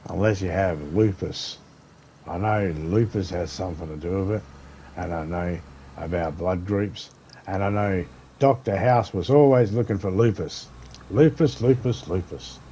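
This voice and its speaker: Deep-voiced man joking around. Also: warm tone, a little hiss or hum. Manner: rambling, crude, jokey. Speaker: gaming streamer. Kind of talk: casual chat while gaming.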